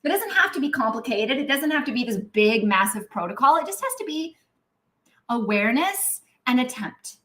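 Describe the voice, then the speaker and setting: A middle-aged woman, a naturopathic doctor, talking casually and animatedly in a live Q&A, with lots of "um" and "right?", now and then clearing her throat. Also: sits high, moderate pace. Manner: chatty and animated, acts out inner voices; frequent "um" and "right?" tags.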